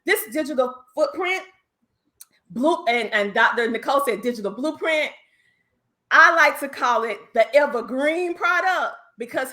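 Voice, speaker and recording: A woman's voice: high voice, expressive, unhurried, pushed and bright. A woman with a Southern US accent, a business coach giving an emphatic, preacher-like motivational talk on a video call, calling listeners honey. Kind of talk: motivational speech in an online panel.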